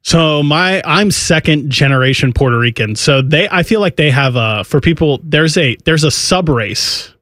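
A man from Ohio co-hosting a podcast, chatting casually in a relaxed, rambling, self-deprecating way. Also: fairly high pitch, normal speed, few pauses, dry recording, studio quality. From Ohio, United States. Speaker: podcast co-host. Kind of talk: casual chat.

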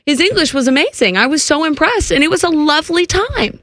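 Female radio reporter, a little winded, higher pitch, lively storyteller, very dry studio sound. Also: brisk, no echo. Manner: chatty, animated storyteller. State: a little out of breath. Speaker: sports reporter and co-host. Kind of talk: casual radio chat and storytelling.

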